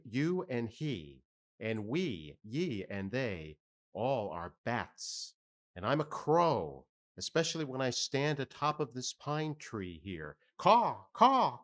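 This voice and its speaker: A man voicing a crazed young cabin boy who chants in a wildly swinging, high singsong.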